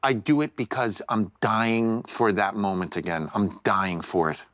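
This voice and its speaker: A man's voice: on the low side, unhurried, no room sound. Chatty middle-aged man telling a story. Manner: animated storyteller who acts out quotes, repeats words. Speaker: guest. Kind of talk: casual storytelling in a podcast chat. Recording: dry close-miked studio sound.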